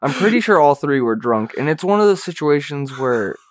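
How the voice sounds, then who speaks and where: Animated profane young man chatting. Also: a little high, normal speed, no room sound, clean studio sound. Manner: profane, animated, mimics people in a raised voice. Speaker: podcast co-host. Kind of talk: casual chat, storytelling.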